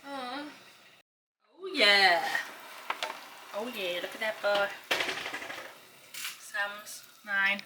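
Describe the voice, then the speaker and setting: A woman's voice: mid-range voice, extremely slow, long pauses, noisy background. A young woman, chatting casually to camera in her vlog, upbeat and a bit breathless. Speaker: vlogger.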